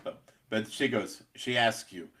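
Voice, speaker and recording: A middle-aged man co-hosting a pest control podcast, talking casually in a rambling, blunt, profane way with many halting restarts. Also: lowish voice, sharp tone.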